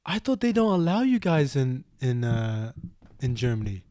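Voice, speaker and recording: A young man with a New Zealand accent, telling stories in a casual podcast chat, animated and swearing a lot as he acts out what people said. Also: mid-range voice, normal speed, no room sound, studio quality.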